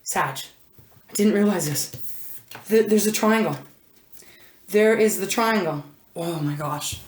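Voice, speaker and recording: An intuitive tarot reader, a woman with a mid-range voice, does a card reading to camera at a slow pace. Chatty and rambling, she breaks off often with "oh my gosh" before restarting, and the camera mic in the indoor room picks up lots of reverb.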